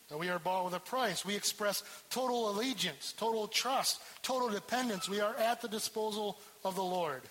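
A man's voice: high-pitched, a bit bright, slight background noise, poor audio. A man preaching a sermon as pastor, emphatic and repeating key words for stress.

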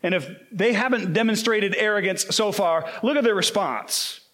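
A man preaching a sermon, earnest and emphatic, slowing down to quote scripture. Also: high voice, fairly bright tone.

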